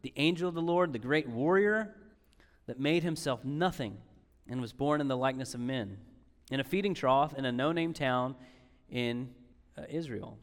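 A man's voice: mid-range voice, normal speed, in a large hall. A man preaching a sermon as pastor, conversational and emphatic, repeating key phrases and slipping in sarcastic asides.

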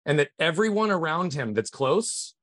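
A man's voice: on the high side, sing-song, moderate pace, fairly bright tone, no echo, clean studio sound. Earnest middle-aged man telling a story. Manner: earnest, emphatic retelling. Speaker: podcast guest. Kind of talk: personal storytelling in conversation.

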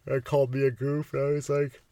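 A man's voice: mid-range voice, monotone, brisk, mellow, dry recording. A young Canadian man hosting a comedy podcast, telling a rambling, profane story with a casual, joking delivery. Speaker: podcast host, stand-up comic.

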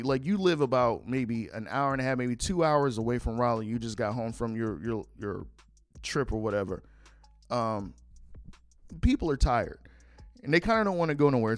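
A man's voice: medium pitch, no room sound. A young man hosting a podcast, telling a personal story casually, swearing and acting out what people said. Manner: animated, swears freely, acts out quoted lines. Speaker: podcast host.

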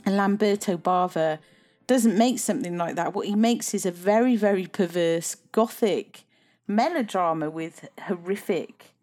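Animated woman, podcast co-host. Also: lowish voice, moderate pace, faint music behind. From Southwest England. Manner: animated, laughs often, trails off mid-sentence. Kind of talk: casual film chat.

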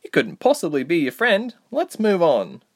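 Fierce young fire-mage woman, voiced by a man in an audiobook, pitched high and curt. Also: huge pitch swings, moderate pace. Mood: dismissive.

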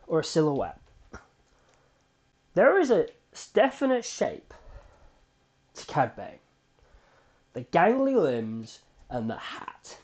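A man hosting a solo fan podcast, recapping a TV episode in an excitable, animated storytelling way with frequent restarts. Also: fairly high pitch, slow pace, pauses often. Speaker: podcast host.

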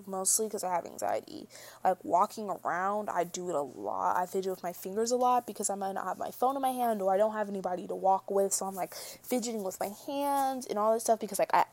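A woman's voice: mid-range voice, a little mellow. A young woman vlogging in casual chat, rambling with lots of fillers and self-corrections.

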